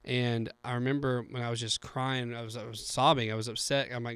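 Earnest young man, smooth dry voice. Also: medium pitch, little pitch movement, brisk, hardly any pauses, fairly bright tone, dry recording. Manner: earnest, filler-heavy storytelling. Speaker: podcast co-host. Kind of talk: casual faith conversation.

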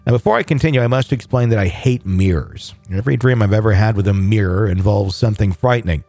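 A man reading a listener's ghost story aloud in a measured, steady way, then chatting about it as host. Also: lowish voice, faint music behind. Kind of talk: read-aloud narration and casual chat.

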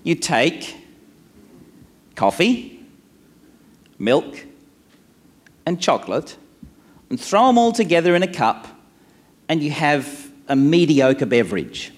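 A man's voice: a little high, takes it slowly, long pauses. A man giving a talk at a conference, telling a playful story and acting out the dialogue. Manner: animated, playful storyteller who acts out dialogue. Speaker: motivational speaker. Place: live conference presentation.

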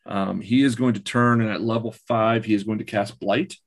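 A man narrating as game master at a tabletop session, relaxed and full of ums, laughing along with his players. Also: on the low side, normal speed. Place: room around a gaming table.

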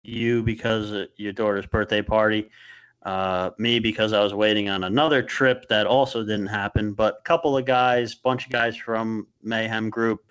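A man's voice: fairly low pitch, steady tone, normal speed, fairly bright tone, smooth, highs cut off. A man hosting a podcast in a loose, joking, casual chat. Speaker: podcast host.

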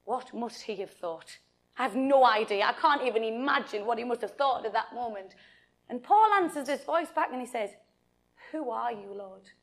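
A woman telling a Bible story to children and adults in an animated way, often addressing her listeners directly. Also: fairly high pitch, moderate pace.

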